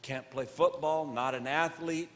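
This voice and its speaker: A man performs stand-up live, his voice a bit high and his delivery a little slow. Between direct questions to the audience, he shifts from heartfelt preaching to boisterous comic bits, recorded with long hall reverb and faint noise.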